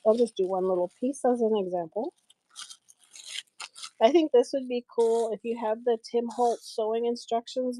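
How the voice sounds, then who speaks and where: A woman's voice: mid-range voice, dark tone. Chatty woman crafter on live stream. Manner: chatty, laughs often, many restarts. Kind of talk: casual live-stream chat while crafting.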